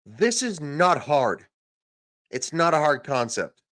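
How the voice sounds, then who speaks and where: Profane man yelling a political rant. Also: a little high, sing-song, slow. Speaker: podcast host. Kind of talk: ranting political commentary.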